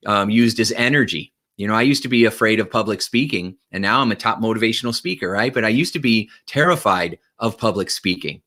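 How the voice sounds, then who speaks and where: A man giving an energetic motivational talk to his viewers, often checking in with "right?" and "okay?". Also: fairly low pitch. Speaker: motivational speaker.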